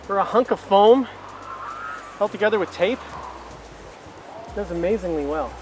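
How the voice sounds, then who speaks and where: A man's voice: high-pitched, lively intonation, normal speed. A man casually explaining his hobby outdoors on a hilltop, talking step by step with plenty of fillers. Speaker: RC glider pilot and vlogger. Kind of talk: casual outdoor vlog with tips. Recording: wind noise on an outdoor camera mic.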